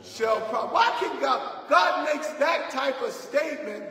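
High-voiced preacher in an echoey church. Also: male voice, animated, slow, vocal fry, few pauses. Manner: call-and-response preaching, asks the church to finish his lines; rising to shouts on key points. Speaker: pastor. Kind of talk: sermon. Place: church sanctuary. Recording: echoey church hall, mic far off.

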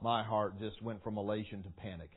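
A man preaching a sermon to young people, telling a story with lively acting, shouts and sound effects. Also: lowish voice, brisk. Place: large meeting hall. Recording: tinny phone-like sound.

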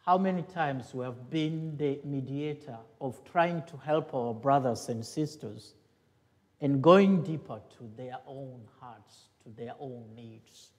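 A man, a priest, giving a homily in a halting way, pausing to search for words, in a church. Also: mid-range voice, darkish tone. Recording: long church reverb.

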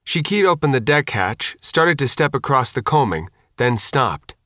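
A man's voice: mid-range voice, sing-song, unhurried, pushed and bright, no room sound. Male audiobook narrator, dry studio sound.

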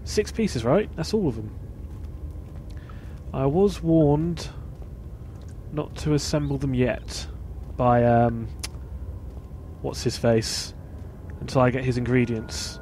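A man's voice: medium pitch, slow pace, pauses often, darkish tone, slight background noise. A man hosting a let's play, giving casual gameplay commentary and muttering asides to himself.

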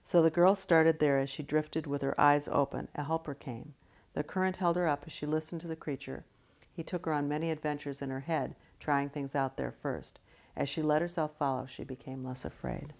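A middle-aged woman, an art therapist, narrating in a soft-spoken, earnest, measured way. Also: sits low, fairly even intonation, creaky. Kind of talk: reflective spoken-word narration.

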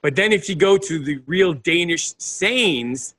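Bright jokey guy cohosting, voice bounces all over, stumbles a bit starting sentences. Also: on the high side, lively intonation, a little slow. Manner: playful, jokey asides, stammers when starting a thought. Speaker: podcast co-host. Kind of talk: casual comedic chat.

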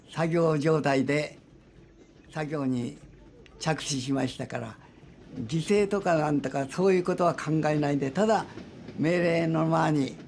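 Old former soldier from Japan. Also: male voice, on the high side, darkish tone, a little hiss or hum. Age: 90s. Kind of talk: interview recollection.

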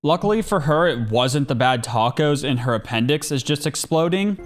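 A man's voice: a little high, animated, moderate pace, soft background music. A young man narrating a comedic review of a bad movie, full of sarcastic, joking asides.

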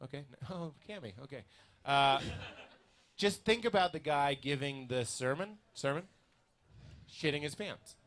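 A man's voice: a little high, measured pace, a bit bright. A man hosting a live comedy podcast in a restaurant basement, playful and laughing often as he talks. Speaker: podcast host.

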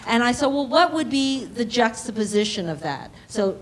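An actress on a panel telling a lively anecdote and acting out the back-and-forth of each quoted exchange. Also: female voice, medium pitch, a little hiss or hum, low-quality recording. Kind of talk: panel discussion storytelling.

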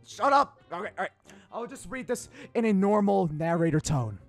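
High, gravelly-voiced man reading fan fiction. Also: very animated, moderate pace, soft background music. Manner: teasing, giggly, crude jokes. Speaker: YouTuber playing Shadow the Hedgehog.

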